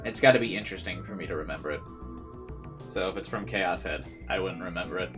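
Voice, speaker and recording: A man's voice: low voice, fast, over music. A man hosting a let's play, reading a visual novel's narration aloud and breaking in with dry joking asides.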